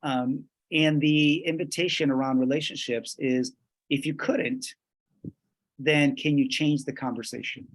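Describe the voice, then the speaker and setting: A man from Colombia, presenting a workshop in a measured way, pausing and restarting as he switches between English and Spanish. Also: medium pitch, steady tone.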